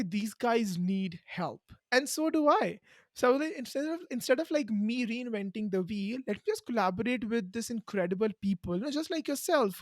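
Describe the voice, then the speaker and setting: A woman's voice: a little high, no echo, studio quality. A young woman podcast host with an Indian accent, answering a guest's question in an earnest, encouraging way and repeating key lines for emphasis. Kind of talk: conversational interview answer.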